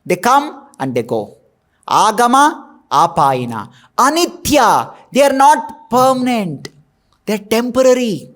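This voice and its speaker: A man's voice: very high-pitched, sing-song, unhurried, a bit bright. A man preaching a devotional sermon, emphatic, posing rhetorical questions and answering them in short repeated phrases. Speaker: temple preacher.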